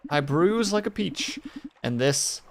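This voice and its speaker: Man playing a gentle lady doctor, higher voice, kinda flustered. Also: lively intonation, slow, gravelly, slight background noise, full character voice. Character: gentle unlicensed woman town doctor.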